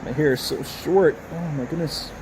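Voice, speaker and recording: A man's voice: a little high, normal speed, noisy background. A man casually chatting on a live stream, thanking viewers, reading their comments aloud and laughing often. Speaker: livestream host. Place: indoors, public building.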